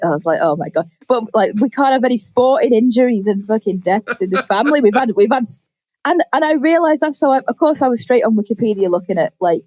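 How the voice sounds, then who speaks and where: A young woman on a podcast, casually telling a story with lively acted-out quotes and plenty of swearing. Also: on the high side, fast, no room sound. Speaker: podcast co-host. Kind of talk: casual chat.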